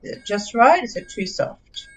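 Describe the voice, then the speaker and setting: A woman's voice: fairly high pitch, sing-song, moderate pace, a bit bright, poor audio. A middle-aged Australian woman streaming a game live, chatting casually in a scattered, giggly, self-mocking way.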